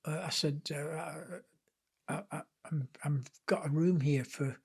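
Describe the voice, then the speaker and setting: A man's voice: a little high, a little slow, gravelly, husky. Older Lancashire man telling anecdotes. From England. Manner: lively, chatty anecdotes with self-deprecating humour. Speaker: guest author. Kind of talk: anecdotal storytelling in a podcast interview.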